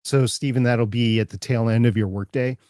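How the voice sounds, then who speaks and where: A man's voice: medium pitch, fairly even intonation, fairly quick, darkish tone, no room sound. Chatty Minnesotan man, dry close sound. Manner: chatty, rambling with repeated starts. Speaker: podcast host. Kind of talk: casual chat.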